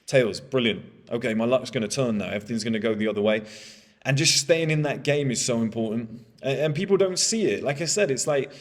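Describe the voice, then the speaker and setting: A man's voice: mid-range voice, fairly quick, in a large hall. A man in his thirties giving a candid motivational monologue, blunt and swearing freely. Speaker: motivational speaker.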